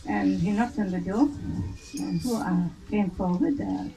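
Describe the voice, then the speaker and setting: A woman with a South African accent gives an informal, hesitant speech to her family at a reunion, pausing often on fillers. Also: medium pitch, vocal fry, dark tone, soft background music. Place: outdoor family gathering. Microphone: phone recording from a distance. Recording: distant phone recording with background noise.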